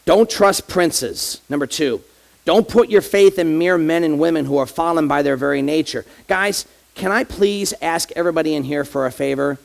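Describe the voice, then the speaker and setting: Gravelly associate pastor preaching. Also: male voice, a little high, moderate pace. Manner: conversational, addresses the congregation directly with rhetorical questions. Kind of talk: sermon.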